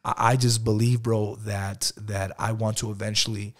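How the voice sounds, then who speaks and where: A man in his thirties speaking as a guest in a casual interview, relaxed and conversational, often calling the host "bro". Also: on the low side, moderate pace. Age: 30s. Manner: casual, peppers talk with "bro". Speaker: guest entrepreneur.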